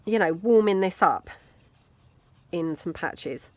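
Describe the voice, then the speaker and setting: A woman's voice: lowish voice, expressive, takes it slowly, a little mellow, dry recording. A British woman hosting a casual crafting video, chatty and self-deprecating as she thinks aloud while she works. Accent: British English. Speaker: mixed media craft video host. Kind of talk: casual crafting tutorial, talking while working.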